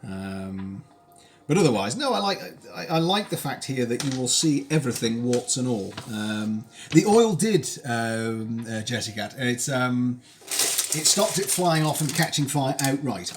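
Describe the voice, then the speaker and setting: A British man talks casually while he cooks, and his pitch rises and falls a lot. He is wry and full of tangents. Pans and dishes clatter clearly behind him in a home kitchen. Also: sing-song, moderate pace, background noise. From United Kingdom. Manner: chatty and wry, with tangents and dry asides. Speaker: streamer cooking live. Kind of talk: casual cooking stream chat.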